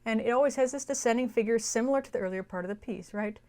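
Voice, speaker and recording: A woman's voice: on the high side, fast talker, warm tone. A young woman teaching a music lesson, explaining a melody and singing short phrases to illustrate it. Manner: explains then sings phrases. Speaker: music educator. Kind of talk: music lesson with sung examples.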